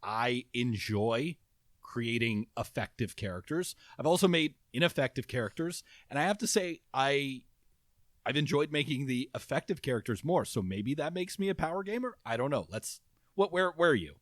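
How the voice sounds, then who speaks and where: A man co-hosting a podcast in casual chat, animated and quick to laugh, often restarting his sentences. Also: medium pitch, dry recording, clean studio sound. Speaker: podcast co-host.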